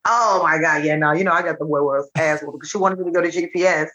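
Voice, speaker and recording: A woman from Chattanooga, a comedian guest telling animated, jokey stories in casual chat. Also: deep voice. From Chattanooga, Tennessee. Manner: animated, jokey, rapid bursts. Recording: dull lo-fi sound.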